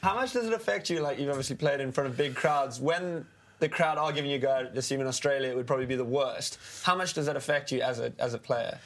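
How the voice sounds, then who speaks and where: A man's voice: medium pitch, quick pace. A South African man, a guest on a podcast, chatting and teasing the hosts. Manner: joking, teasing. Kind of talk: casual chat.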